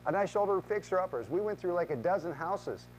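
A middle-aged man giving a motivational talk as a real estate speaker, telling stories with lively back-and-forth dialogue. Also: high-pitched, a little fast, slight background noise, low-quality recording. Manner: animated, acts out both sides of conversations.

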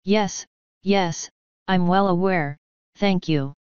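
A weary, officious male technician, read by a woman in a low, smooth voice. He sounds exasperated and guarded. The sound is dry and a little dull. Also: takes it slowly, a little mellow, no room sound. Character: tired, wary lab technician, male. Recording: slightly dull, lo-fi.

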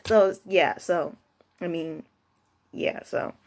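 Rambling young woman telling a story. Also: takes it slowly. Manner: rambling, many restarts and quoted asides; lively pitch jumps when excited. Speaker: vlogger. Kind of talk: casual storytelling monologue.

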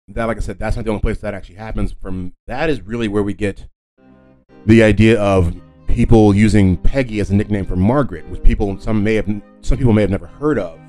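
A man's voice: lowish voice, a little fast, warm tone, faint music behind. A man hosting a solo podcast, talking casually in a rambling way with lots of fillers and self-corrections. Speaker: podcast host.

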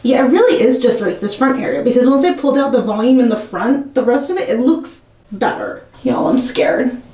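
A woman's voice: fairly high pitch, expressive, fairly quick, mellow. A young woman vlogging at home, chatting nervously and poking fun at herself as she trims a wig. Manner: nervous, self-mocking, chatty. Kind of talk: casual talking to camera while cutting a wig. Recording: roomy and a bit distant from the mic.

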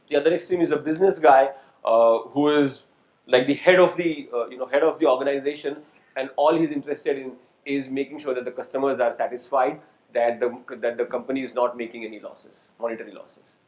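Man lecturing in an echoey hall. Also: mid-range voice. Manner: engaging, quizzes the audience and calls on people; asks "right?" to check understanding. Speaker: guest speaker. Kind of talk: interactive lecture to students.

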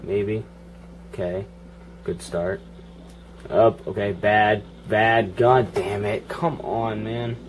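A man's voice: fairly low pitch, steady tone, takes it slowly, pauses often, a little hiss or hum. A man giving casual, profane running commentary while playing a video game, grumbling and joking at it. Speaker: gaming channel host.

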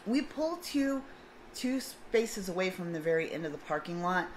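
A middle-aged woman with a somewhat low voice tells a story in a casual vlog. She acts out each side of the exchange with lively turns. Faint noise hums behind her. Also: moderate pace, rough recording. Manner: animated, acts out both sides of a dialogue. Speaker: vlogger.

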